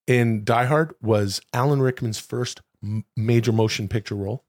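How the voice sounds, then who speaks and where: A man's voice: mid-range voice, normal speed, darkish tone. A man co-hosting a podcast in casual chat, rambling and acting out movie lines with big jumps in his voice. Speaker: podcast co-host.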